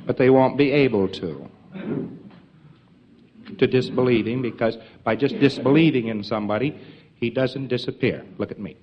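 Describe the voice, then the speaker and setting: A man lectures in a folksy, emphatic manner, tossing off joking asides as he goes. His pitch sits right in the middle for a man. The sound is dull and lo-fi, like an old archival tape. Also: normal speed, long pauses, crowd noise. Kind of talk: informal lecture to trainees.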